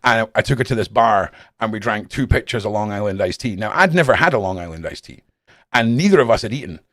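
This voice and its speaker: A Scottish man hosting a live stream, chatting casually with his viewers in a blunt, animated way and swearing constantly. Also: lowish voice, fast talker, no room sound, clean studio sound. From Scotland. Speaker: live-stream host reading chat. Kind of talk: casual rambling chat.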